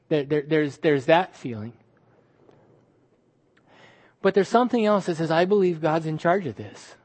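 A man preaching a sermon as pastor, emphatic, stretching key words and dropping suddenly to quiet. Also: a little high.

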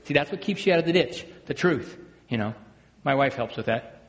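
A man's voice: expressive, brisk. Preaching man in an echoing hall. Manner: swings from loud emphatic bursts to hushed low phrases. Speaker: pastor. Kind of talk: sermon. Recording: long hall reverb.

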